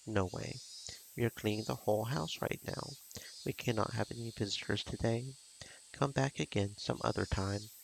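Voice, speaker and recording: A man reading a gruff, bullying uncle. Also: lowish voice, normal speed, background noise. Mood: hostile. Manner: gruff, impatient, snapping. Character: menacing abusive male guardian, hot-tempered. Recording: game music behind.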